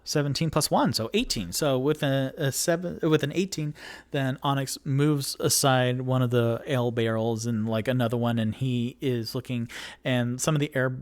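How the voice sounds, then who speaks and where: A man's voice: medium pitch, normal speed. A man narrating a solo tabletop game as dungeon master, rambling with many fillers. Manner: rambling, filler-heavy, animated.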